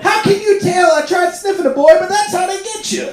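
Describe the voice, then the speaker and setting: A comedian doing a lonely, divorced old man who rambles and yells out whatever comes to mind, in a high, strained voice. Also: a little fast. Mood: yelling. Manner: rambling, blurting. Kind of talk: stand-up comedy bit. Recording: echoey club with crowd laughter.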